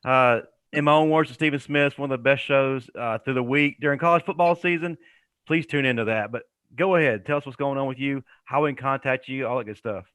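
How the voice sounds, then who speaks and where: Upbeat host, dry sound. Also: male voice, medium pitch, fairly quick, a bit bright, clean tone, dry recording. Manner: laughing, enthusiastic. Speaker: show host. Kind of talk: casual chat.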